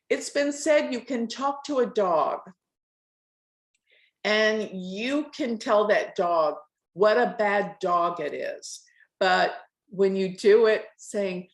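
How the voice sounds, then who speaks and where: A middle-aged woman teaching an astrology class, pronouncing every word clearly with deliberate stress. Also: medium pitch. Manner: clearly enunciated, carefully stressed words. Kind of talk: lecturing a live astrology class. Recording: echoey room.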